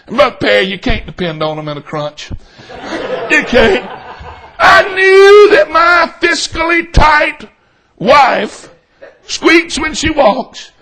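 A middle-aged man preaching a storytelling sermon, shouting for emphasis and then dropping to a hush. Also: very high voice, very animated, slow pace.

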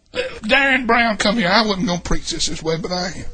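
High, husky preacher. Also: male voice, moderate pace. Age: older. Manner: folksy, swings from shouting to hushed. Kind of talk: sermon. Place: church.

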